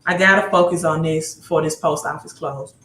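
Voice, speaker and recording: A woman with a Mississippi accent hosting a casual livestream, talking excitedly, repeating herself and answering viewer comments. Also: sits low, fairly quick. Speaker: livestream host. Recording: roomy echo.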